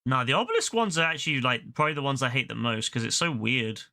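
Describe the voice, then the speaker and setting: A man's voice: medium pitch, expressive, fast talker, vocal fry, bright, forceful tone. A young man chatting casually into a headset while streaming a game, swearing freely and using lots of fillers. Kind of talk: casual gaming stream commentary.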